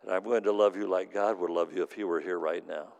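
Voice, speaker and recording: Man, minister, sermon storytelling, gravelly, long reverberant hall. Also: low-pitched, fairly even intonation, fast, a little mellow. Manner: earnest, repetitive emphasis.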